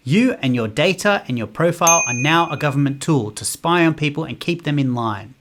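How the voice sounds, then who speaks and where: A man's voice: a little high, animated, noisy background. A man giving an indignant political commentary monologue. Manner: indignant, rapid-fire rhetorical.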